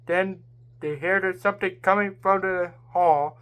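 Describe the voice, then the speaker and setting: A woman narrating a homemade story in a halting way, with slips and restarts. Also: on the low side, fairly even intonation.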